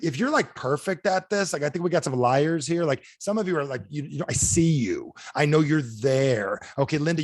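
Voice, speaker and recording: A man delivers a lively motivational sales talk with a voice that swoops up and down. He keeps asking his listeners questions to pull them in. The sound is dry and close, with no room around it. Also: a little high, no echo. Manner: animated, asks the audience repeated questions. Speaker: motivational speaker. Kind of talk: energetic sales training talk. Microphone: video call.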